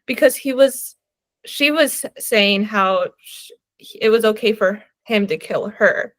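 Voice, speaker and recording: A woman's voice: mid-range voice, takes it slowly, fairly bright tone, dry recording. A young woman co-hosting a book podcast, chatting casually and animatedly, laughing and filling her talk with "like". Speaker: podcast co-host.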